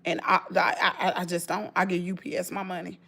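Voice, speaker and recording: A woman's voice: fairly low pitch, completely flat delivery, a little fast, creaky, bright, forceful tone. A woman with a Southern US accent, telling an emotional story straight to her viewers in an emphatic, rambling way, full of restarts. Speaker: vlogger.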